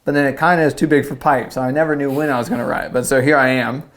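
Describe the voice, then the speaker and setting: A man's voice: mid-range voice, fairly even intonation, fast, fairly bright tone. A young man from South Carolina, a surfer and podcast guest, telling a story casually and rambling with lots of "like". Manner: rambling, lots of "like", acts out quotes.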